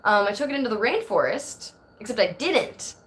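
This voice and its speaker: A woman's voice: a little high, sing-song, moderate pace, a little hiss or hum. Chatty woman livestreaming from her phone. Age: 30s. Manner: chatty and rambling, reading viewer comments aloud. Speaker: livestream host. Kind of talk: casual live-stream chat.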